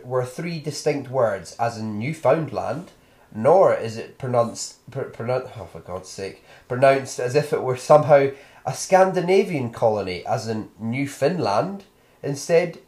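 A man's voice: medium pitch, a little mellow. A British man co-hosting a dog podcast, jokey and playful, rambling through his points in casual chat. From Britain. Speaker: podcast co-host. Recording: echoey room.

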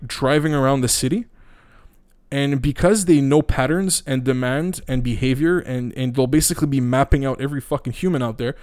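A man's voice: on the high side, darkish tone. A man podcasting into a microphone, ranting in a casual, profane, blunt and rambling way with many restarts.

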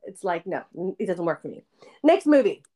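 A woman's voice: fairly low pitch, sing-song, fairly quick, dark tone. A young woman hosting a casual podcast chat, giggly and chatty with lots of fillers. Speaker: podcast host.

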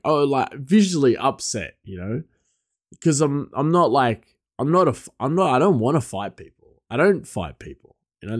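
A man's voice: mid-range voice, darkish tone, no room sound, clean studio sound. A man who works as a chef, telling a personal story in a casual, rambling way with lots of fillers. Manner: rambling, many fillers and restarts, laughs often.

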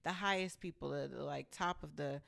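A woman telling a story from her own life in a blunt, animated and profane casual rant. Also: low-pitched, fairly quick, gravelly.

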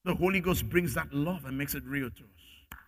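A pastor preaching a sermon, swinging from loud emphatic bursts to quiet asides. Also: male voice, normal speed. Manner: emphatic, rising to loud bursts then dropping low.

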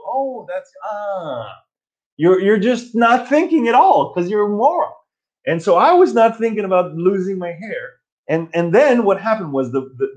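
Guy in his 40s ranting on his stream, swears a lot, super lively voice, kinda muffled lo-fi sound. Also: high-pitched. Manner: profane, self-mocking, animated storytelling. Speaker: live stream host. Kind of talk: casual ranting live stream. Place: his old childhood bedroom at home.

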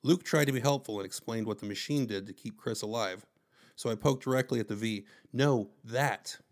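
A man's voice: on the low side, quick pace. A man narrating a first-person story with wry, conversational asides.

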